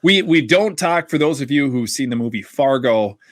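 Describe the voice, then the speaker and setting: A young man with a Minnesotan accent co-hosting a casual podcast, animated and rambling, with lots of restarts. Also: mid-range voice, normal speed, dry recording. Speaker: podcast co-host.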